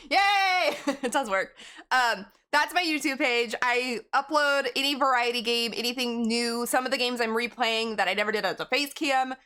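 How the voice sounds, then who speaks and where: A woman's voice: on the high side, normal speed, sharp tone, clean tone. A woman game streamer in casual live-stream chat, rambling and giggling as she talks to her viewers.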